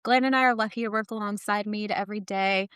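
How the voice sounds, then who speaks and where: A woman's voice: mid-range voice, steady tone, fast talker, fairly bright tone, smooth, dry recording, studio quality. A woman hosting a school podcast, upbeat and enthusiastic. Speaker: podcast co-host, school marketing director.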